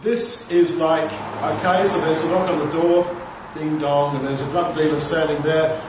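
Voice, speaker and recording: A man's voice: fairly high pitch, little pitch movement, normal speed. Far-off man preaching in an echoey hall. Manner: conversational, rhetorical questions, acts out scenes. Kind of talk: expository sermon. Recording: distant, echoey, dull, noisy hall.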